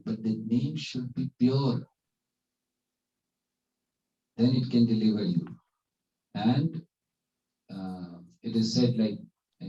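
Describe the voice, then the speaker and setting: A man's voice: on the low side, warm tone. Man with teaching scripture. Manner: conversational, fillers, story-telling. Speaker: spiritual teacher. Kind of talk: devotional class talk with storytelling. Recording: echoey hall, distant dull mic.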